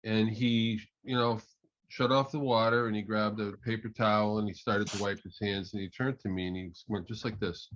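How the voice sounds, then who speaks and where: A man, a management consultant and keynote speaker, telling a story in a conversational, halting way with many fillers. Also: fairly low pitch, fairly bright tone. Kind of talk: storytelling talk. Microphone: online call audio. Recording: muffled online call audio.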